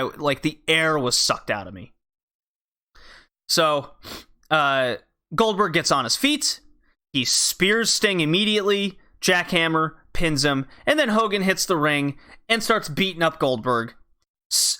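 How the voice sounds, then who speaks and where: A man's voice: fairly high pitch, bright, forceful tone. A man hosting a podcast, recapping in a casual, blunt, profane way with loose fillers. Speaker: podcast host.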